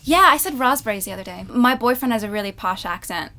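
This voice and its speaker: A woman's voice: on the high side, lively intonation, fast, sharp tone. A young woman, a stage actress, chatting candidly in an interview and laughing easily. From United States. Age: young adult. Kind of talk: casual interview chat.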